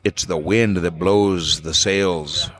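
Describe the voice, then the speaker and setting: Low-voiced New Mexico flamenco singer. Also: male voice, slow. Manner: relaxed storyteller, vivid imagery, slips into Spanish. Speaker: podcast guest, flamenco singer. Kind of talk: casual interview chat.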